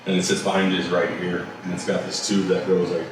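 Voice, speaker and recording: A barbecue business owner, appearing as a guest, tells stories in a casual interview with a deep, low voice that barely moves in pitch, talking a little fast. He's loose and conversational, full of "you know" and "like," and swears casually. He sits far from the mic in a very echoey room with faint background noise.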